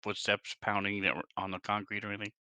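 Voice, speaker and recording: A man's voice: lowish voice, completely flat delivery, fast talker, sharp tone, clear, resonant tone, no room sound. A man playing a tabletop game, narrating his character's moves in the third person and asking the game master questions. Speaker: player. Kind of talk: tabletop game play over voice chat.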